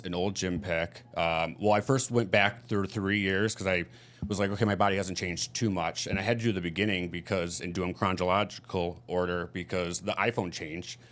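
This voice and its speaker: Deep-voiced midwestern guy from michigan, chatty and open, just telling his story. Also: fairly even intonation, normal speed, a bit bright. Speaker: podcast guest. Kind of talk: casual chat.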